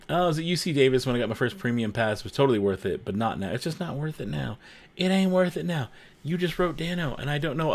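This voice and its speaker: A man hosting a casual livestream, chatting with viewers and reading their comments, joking, laughing often and repeating himself. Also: mid-range voice. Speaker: livestream host.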